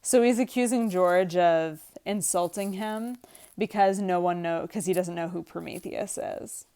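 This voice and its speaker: A woman's voice: fairly low pitch, a little slow, dark tone, smooth. A woman English teacher reading a play aloud to her class and explaining the lines in plain, casual words.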